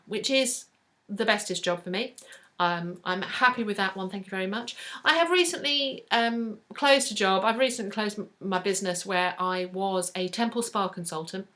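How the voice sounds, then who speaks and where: An Englishwoman in her forties from the South East chats to her viewers in a bright, clear voice. Her Southern English accent carries a slight northern inflection, and she talks effusively, full of fillers and restarts, in an easy book-vlog manner. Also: a little high. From South East England. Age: 40s. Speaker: book vlogger. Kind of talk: casual chat to camera.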